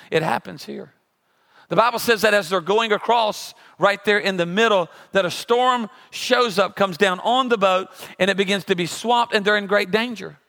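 Casting note: male pastor, 40s, high bright tenor with some gravel, comic storyteller turned preacher. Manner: humorous storytelling with sound effects. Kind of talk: sermon.

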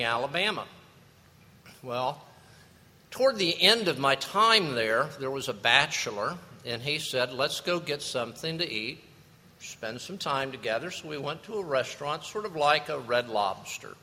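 A man preaching a sermon, telling a story with lively, animated delivery. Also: medium pitch, normal speed. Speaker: pastor. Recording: long reverb of a large hall.

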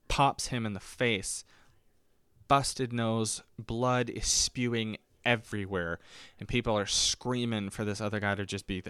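Low, smooth-voiced man telling rambling stories. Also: fairly bright tone, dry recording. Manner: rambling, self-correcting, acts out quoted voices. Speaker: podcast host. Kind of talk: casual solo storytelling.

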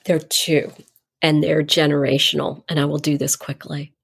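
A middle-aged woman with a gravelly, husky voice that sits on the lower side. She tells her stories conversationally as an interview guest and slips into lively acted-out dialogue. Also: moderate pace. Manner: animated, acts out dialogue in her anecdotes. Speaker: nonprofit founder, interview guest. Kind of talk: conversational storytelling.

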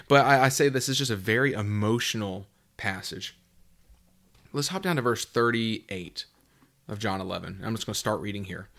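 A man in his thirties from the southeastern United States talks through a Bible passage in a relaxed, earnest way. His voice sits fairly low, and he slows down when he reads scripture aloud. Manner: earnest, conversational, reads scripture slowly and warmly. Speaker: Bible teaching host. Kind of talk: casual Bible teaching talk.

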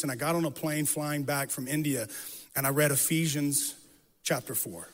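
A man's voice: fairly high pitch, a bit bright, big-room sound. A man preaching an earnest sermon, telling a personal story with emphatic, repeated phrases. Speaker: pastor.

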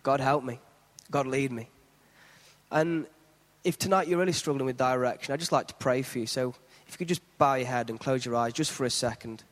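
A man's voice: medium pitch, fast, long reverb tail. A man, hosting a church gathering and encouraging the listeners before a closing prayer. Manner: encouraging, steady. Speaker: host. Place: church hall.

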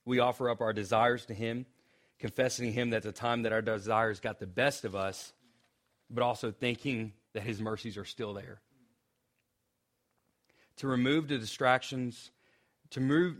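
A young male pastor preaching in a loose, conversational way, often restarting phrases. He slips in joking asides and keeps his voice at an ordinary middle pitch. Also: a bit bright. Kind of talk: sermon.

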